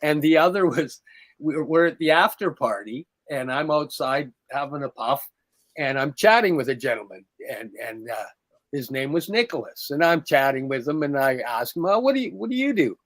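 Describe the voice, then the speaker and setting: A man's voice: mid-range voice, moderate pace, dry recording. A middle-aged man co-hosting a podcast, telling a story in casual chat and acting out the quoted lines with a raised voice. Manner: animated, acts out quoted dialogue in a raised voice. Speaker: podcast co-host.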